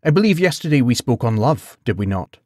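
A man's voice: medium pitch, sing-song, a little fast, a little mellow, no echo, clean studio sound. A man doing a flustered young knight. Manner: stammering, stiffly courtly. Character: young male knight, flustered and overly formal.

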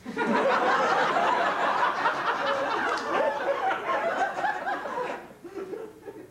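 A woman's voice: medium pitch, animated, measured pace, natural voice. A woman performing live on stage as a flustered, giggly female goddess-in-training who chats directly with the audience. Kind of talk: live solo theater performance. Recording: echoey live room, distant mic, background noise.

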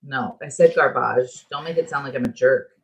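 A woman's voice: rumbling low, normal speed, poor audio. A woman co-hosting a podcast from home on headphones and a microphone, chatting casually with teasing, bossy comebacks. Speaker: podcast co-host. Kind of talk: casual chat. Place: at home, on a remote call.

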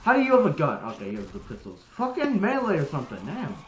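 A man's voice: fairly high pitch, huge pitch swings, quick pace, crowd noise. A man swearing and laughing as he teases a friend during casual gameplay chat. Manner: swears constantly, laughs a lot, teasing. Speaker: gamer playing with a friend.

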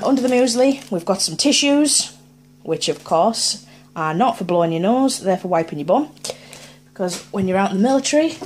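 A woman's voice: medium pitch, slight background noise. A woman, chatting casually as she unboxes items on her vlog and thinks aloud in a playful way. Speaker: unboxing vlogger.

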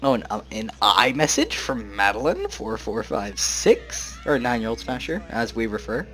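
A man's voice: mid-range voice, moderate pace. Slangy young guy narrating a game. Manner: slangy, joking, excitable, says "bro" a lot. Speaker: gaming channel host. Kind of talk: casual let's-play commentary.

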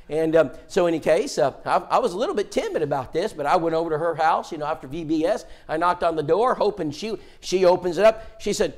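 A male preacher in a church telling a story in a sermon, animated and acting out dialogue, often stammering and restarting his words. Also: fairly high pitch, quick pace, few pauses. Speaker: preacher, guest seminar speaker.

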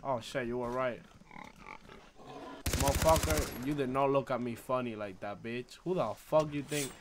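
A young man streaming a shooter game live, swearing and trash-talking through casual commentary with sudden loud outbursts. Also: mid-range voice, moderate pace, noisy background. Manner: profane, loud, reacts with outbursts and trash talk. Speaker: gaming streamer.

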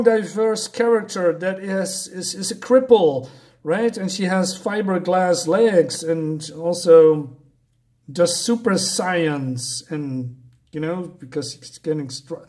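Man, comic reviewer, mocking and sarcastic, slightly higher voice. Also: lively intonation, takes it slowly, darkish tone.

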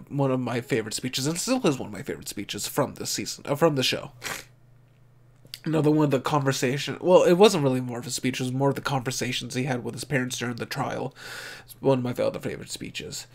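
A male anime reviewer gives casual, excitable reaction commentary, swearing and thinking out loud, and he's openly moved. He has a mid-range voice and talks fast.

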